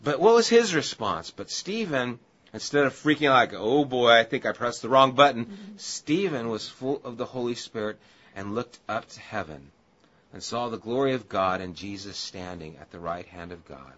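A man preaching a sermon, telling a humorous personal story and then turning earnest and quiet. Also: lowish voice, animated, moderate pace. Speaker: pastor. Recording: dull lo-fi audio with faint hiss.

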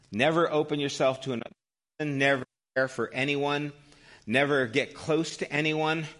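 A man's voice: medium pitch, a bit bright. A man in his fifties, a pastor preaching a sermon in a conversational storytelling way, often checking in with "right?".

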